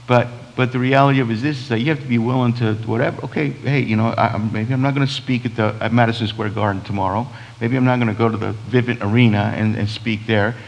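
A man's voice: mid-range voice, steady tone, fast, vocal fry, few pauses, long reverb tail, lo-fi sound. A man, a pastor preaching a sermon in a conversational way, full of restarts and quoted asides. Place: church sanctuary.

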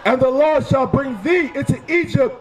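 Very high-voiced man reading scripture slowly. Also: slight background noise, rough recording. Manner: slow, measured, declaiming. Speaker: scripture reader. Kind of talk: reading Bible verses aloud.

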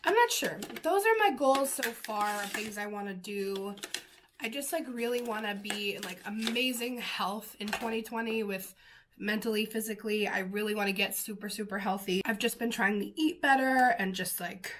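A woman with a sniffly nose talks through her makeup routine in a chatty, gushing way, full of fillers and little exclamations. Her voice sits at a middle pitch for a woman. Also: normal speed, a bit bright, slight background noise. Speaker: beauty vlogger. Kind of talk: casual makeup tutorial chat.

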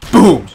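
A young man giving casual let's play commentary, excitable and giggly, with panicky outbursts and a lot of swearing. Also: medium pitch, gravelly, slight background noise. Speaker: gaming channel host.

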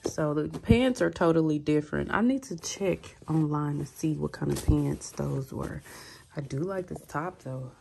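A woman's voice: low voice, gravelly, warm tone, slight background noise. A middle-aged woman, chatting casually to camera in a day-in-the-life vlog at home. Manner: chatty, confiding, drawn-out fillers. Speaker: vlogger. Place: bedroom at home. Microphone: handheld camera mic.

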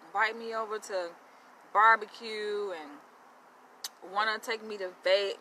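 A woman's voice: mid-range voice, slow, slight background noise, low-quality recording. Blunt, profane young woman vlogger. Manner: blunt, profane, animated, addresses viewers directly. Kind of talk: blunt casual rant. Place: outdoors, eating.

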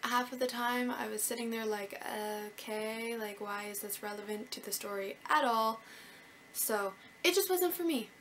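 Young woman from Canada, book vlogger, high-ish voice, bubbly and self-mocking, faint hiss on the recording. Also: normal speed, fairly bright tone. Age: young adult. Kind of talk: casual chat to camera.

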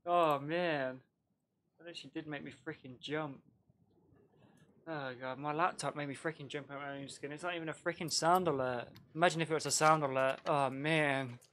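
Man, streamer, fairly high voice, chatty game commentary, quick to laugh, casual slang. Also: slight background noise. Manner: excitable, chatty, laughs often, mild slang.

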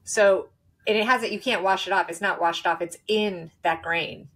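A woman guest in a conversational interview, telling her story in a lively way with restarts and laughs. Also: medium pitch. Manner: animated, quick, with laughs and restarts.

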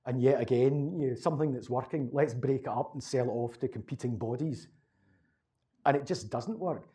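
A Glaswegian man talks through local history in a loose, rambling way, circling back on his words as he goes. His voice is mellow and warm. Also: medium pitch, normal speed. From Scotland. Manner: rambling, conversational, repeats words. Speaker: local historian giving a talk. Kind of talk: casual talk answering audience questions.

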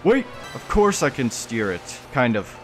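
Young man, gaming commentary, laughs a lot, bursts of surprise, slow-paced talk. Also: medium pitch, music in the background. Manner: excitable, laughs often, shouts in surprise. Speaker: gaming YouTuber. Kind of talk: game commentary.

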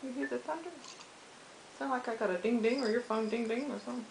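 Woman baby-talking her iguanas at home, kinda high voice, echoey room with hiss. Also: quick pace, gravelly. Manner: cooing baby talk to pets. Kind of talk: casual home video chat. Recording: roomy home recording with hiss.

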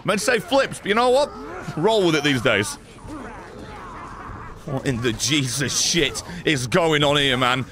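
A man giving sarcastic, excitable let's-play commentary, swearing often and talking back to characters in the game. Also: fairly high pitch, unhurried, pauses often, crowd noise. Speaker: gaming streamer.

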